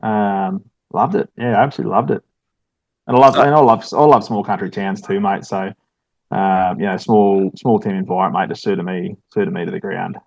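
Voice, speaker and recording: A low-voiced Australian man, a firefighter, recounting his call-outs in a relaxed way. He fills his talk with ums and mates. The sound is dry and slightly dull. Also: moderate pace, creaky, dry recording. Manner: laid-back, storytelling with lots of ums and mates. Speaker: firefighter station officer, guest. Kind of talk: casual storytelling interview.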